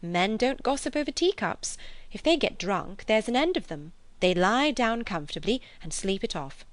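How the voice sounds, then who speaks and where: A woman's voice: mid-range voice, animated, normal speed, no echo, voice pushed up, close to an everyday voice. A woman reading aloud, voicing a blunt, opinionated middle-aged mother who declares things emphatically. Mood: emphatic.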